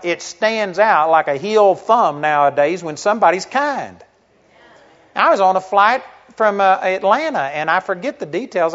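A middle-aged man preaching a sermon to a congregation, talking conversationally, asking rhetorical questions and telling stories. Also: on the high side. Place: church. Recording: dull lo-fi sermon recording.

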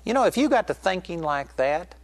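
A middle-aged man preaching a sermon with passion, climbing high to stress a point and slowing for weight, acting out the voices in a story he tells. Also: sing-song, dry recording. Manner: impassioned, rises sharply in pitch for emphasis, slows to stress lines; acts out quoted voices in retelling a story.

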